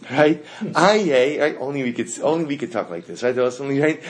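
A man's voice: medium pitch, animated, a little fast, hardly any pauses. A man teaching a Torah lesson to a class. He asks the students questions and repeats the key phrases.

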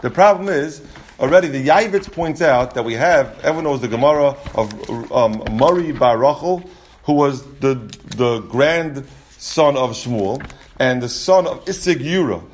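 A man teaching a Talmud class, reading out Aramaic passages and explaining them in English with quick repeated restarts. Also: mid-range voice, expressive.

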